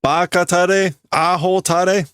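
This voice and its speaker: A man reading out an angry rough-spoken man who shouts insults and orders at a leader. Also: sits high, fairly even intonation, slow, dry recording, clean studio sound, pitched above the performer's own voice. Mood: angry barking. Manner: barking, insulting commands.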